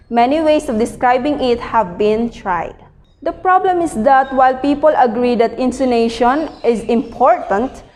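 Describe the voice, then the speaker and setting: A fairly high-voiced woman reads a textbook aloud as a lecture, careful and measured, now and then correcting a slip. Her voice carries a long reverb tail, as if it were recorded in a large hall. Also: a little mellow. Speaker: teacher presenting a reading.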